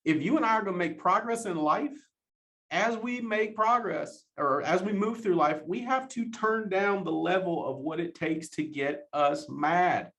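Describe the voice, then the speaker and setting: A man giving a motivational talk, animated, laughing often and repeating his questions for emphasis. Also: sits high, a little slow. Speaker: motivational speaker.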